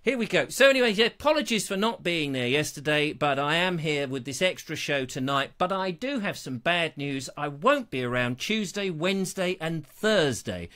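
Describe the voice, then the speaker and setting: A man's voice: on the high side, lively intonation, moderate pace, hardly any pauses, pushed and bright. A man hosting his own live show, chatting in a rambling, self-mocking, jokey way. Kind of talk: chatty live-stream banter.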